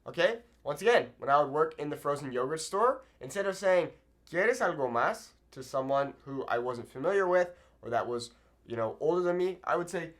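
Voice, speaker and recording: Lively man teaching at a whiteboard. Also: on the high side, brisk. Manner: patient, repeats "okay?" to check in with the viewer. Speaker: Spanish teacher. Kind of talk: whiteboard language lesson. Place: room with a whiteboard.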